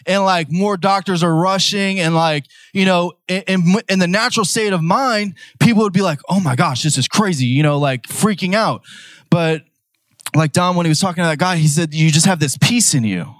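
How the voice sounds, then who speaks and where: A young man preaches with a somewhat higher voice, telling his story loosely and conversationally. He builds to loud, emphatic declarations. The recording is dry and close, with little room sound. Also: moderate pace, dry recording. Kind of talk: sermon.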